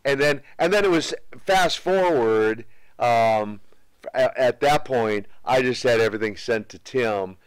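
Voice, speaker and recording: A man, a former pro wrestler, telling unhurried stories as the guest in a casual interview. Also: medium pitch, smooth, dry recording. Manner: unhurried anecdotal storyteller.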